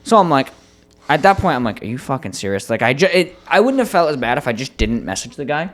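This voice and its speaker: A man co-hosting a casual podcast, telling a story with lots of swearing. His voice swings widely up and down in pitch as he acts out his own frustration, at a middle pitch for a man. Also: quick pace. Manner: animated, profane storytelling. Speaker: podcast co-host. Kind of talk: casual chat.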